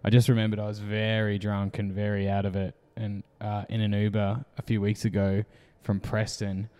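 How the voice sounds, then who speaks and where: A man with an Australian accent hosting a podcast, telling crude, animated stories full of swearing. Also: lowish voice, normal speed, clear, resonant tone, long reverb tail. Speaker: podcast host. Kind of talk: casual chat.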